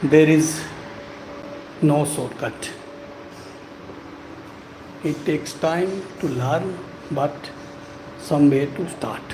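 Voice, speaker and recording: A man giving a live-stream lesson, talking slowly and deliberately to encourage learners. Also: a little high. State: sweating from the heat. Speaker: English speaking teacher. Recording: echoey room with background noise.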